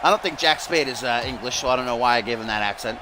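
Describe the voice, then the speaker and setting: A man giving live-stream play-by-play commentary on a wrestling video game, excitable and often rising to shouts on big moves. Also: mid-range voice, fast talker, a faint crowd. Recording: clear background noise.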